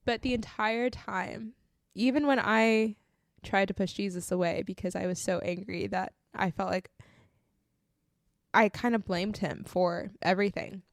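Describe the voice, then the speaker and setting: In a dry recording, a young woman with a medium-pitched voice hosts a faith podcast and shares her testimony. She's casual but earnest and heartfelt, often tearful, and leans on the word "like" a lot.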